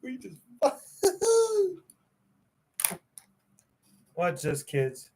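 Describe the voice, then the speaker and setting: A man's voice: high voice, lively intonation, slow pace, fairly bright tone. A man hosting a casual livestream, joking with viewers, laughing often and swearing, tired and yawning. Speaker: livestream host.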